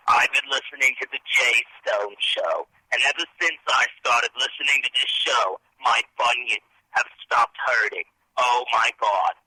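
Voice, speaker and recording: A man's voice: mid-range voice, pushed and bright, husky, rough recording. A man voicing a chatty old woman with bunions, leaving a gushing comic voicemail. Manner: gushing, chatty fan message.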